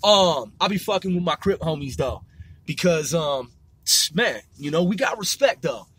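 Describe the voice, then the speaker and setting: A man's voice: on the high side, expressive, normal speed, fairly bright tone, slightly rough. A man ranting in a rambling casual monologue, profane and full of street slang, circling back and repeating himself. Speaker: vlogger.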